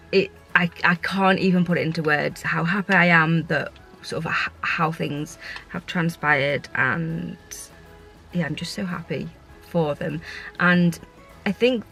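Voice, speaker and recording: Speaking with a low, slightly bright voice touched by vocal fry, a short-term foster carer shares her feelings in a relaxed vlog. Her talk is heartfelt and meandering, with many restarts.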